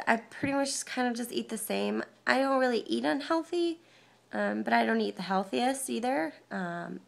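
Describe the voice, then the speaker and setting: A woman's voice: on the high side, gravelly. A young woman with a cold, sounding stuffy and congested, chatting casually through a vlog update with lots of ums and small laughs. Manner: rambling, frequent ums, soft laughs. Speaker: vlogger. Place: parents' house, indoors. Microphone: phone.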